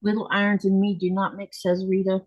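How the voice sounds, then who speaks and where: A woman chatting casually at her home sewing desk as a show host. She rambles along, restarting her sentences and laughing easily. Her voice sits at a middle pitch, and the sound is dry and close. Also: little pitch movement, brisk, no room sound, lo-fi sound. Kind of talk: casual chat while sewing.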